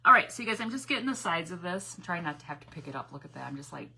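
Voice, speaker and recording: A woman's voice: on the low side, big pitch swings, very fast, creaky, bright, forceful tone, breathy edge. A middle-aged woman chatting casually with her viewers during a live craft stream from her home craft room, laughing often and greeting people by name.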